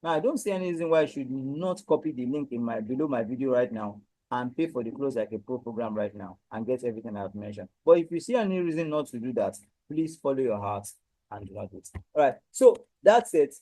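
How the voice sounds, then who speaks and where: A man from Nigeria presenting a webinar sales pitch, pressing listeners again and again to buy a training course. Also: lively intonation, fast talker, mellow, no room sound, poor audio. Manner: persuasive, repetitive sales push. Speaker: online course seller.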